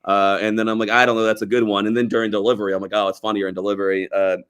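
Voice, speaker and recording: A man's voice: on the low side, level tone, rapid-fire, fairly bright tone, clean tone. A man co-hosting a podcast, chatting casually in a laid-back, rambling way and laughing often. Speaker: podcast co-host. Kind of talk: casual chat.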